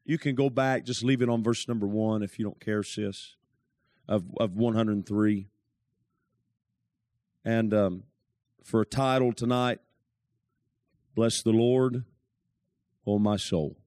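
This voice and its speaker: Man, church preacher, emphatic drawn-out sermon delivery, dry close sound. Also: lowish voice, steady tone, a little mellow, dry recording. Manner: drawn-out emphatic phrasing, rising for stress. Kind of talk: sermon reading scripture then preaching.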